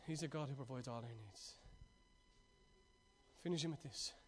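A man preaching a sermon, moving from lively, laughing stories to quiet, urgent exhortation. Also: medium pitch, moderate pace, pauses often, breathy edge. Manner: swings from excited, laughing storytelling to hushed, urgent exhortation.

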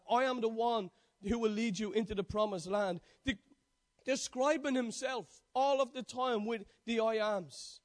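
A man with a notably high-pitched voice delivers a sermon. He stacks emphatic, repeated declarations one on another and catches and corrects his own slips as he goes. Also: unhurried. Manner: emphatic, repetitive declarations with frequent self-corrections. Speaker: preacher.

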